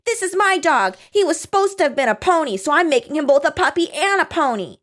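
Bratty nine-year-old boy, high and whiny, put on by a woman. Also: very animated, fast, fairly bright tone. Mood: whiny demanding.

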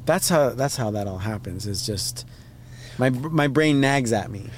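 A man, the guest on a casual podcast, talking in a rambling way and jumping his pitch up when he acts out voices. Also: expressive, unhurried, a little hiss or hum. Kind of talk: casual chat.

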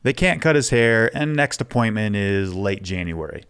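A man hosts a podcast in a candid, relaxed monologue. His voice sits a little low. He talks openly and casually, swearing now and then. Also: moderate pace, clear, resonant tone. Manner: frank, casual, swears freely. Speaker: podcast host.

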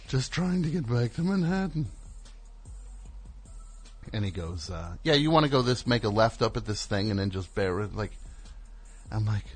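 A low-voiced man tells a rambling story in an animated, exasperated way. He slips into the voices of the people he met, with faint music behind him. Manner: animated, exasperated, acts out other people's lines. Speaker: caller. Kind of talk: casual storytelling on a call-in show.

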